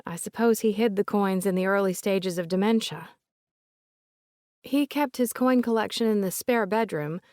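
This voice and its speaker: A woman voicing an older woman with a soft Southern accent, polite and remorseful, recalling family memories in a gentle, chatty way. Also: medium pitch, moderate pace, no echo, studio quality, close to an everyday voice.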